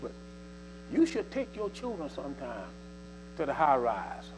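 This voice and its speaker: A man's voice: on the high side, wildly swooping pitch, a little slow, background noise. A man, preaching to a church congregation in a folksy, repetitive, exhorting way. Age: 70s. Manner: folksy, repetitive, exhorting with 'see' and 'you know'. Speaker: church speaker.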